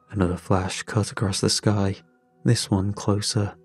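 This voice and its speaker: A man narrating a first-person story in a slow, measured way. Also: on the low side, flat delivery, husky, soft background music.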